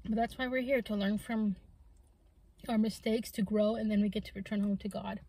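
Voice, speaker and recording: This mukbang vlogger speaks with her mouth full, casually musing aloud in a soft, wondering, meandering way thick with fillers. Her medium-pitched voice keeps a fairly even intonation at a moderate pace, in a rough recording with no room sound.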